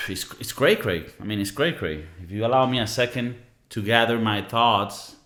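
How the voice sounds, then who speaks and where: A man's voice: on the low side, moderate pace. Man ranting profanely in an echoey room. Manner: profane, animated venting with mocking impressions. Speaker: podcast co-host. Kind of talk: casual ranting monologue.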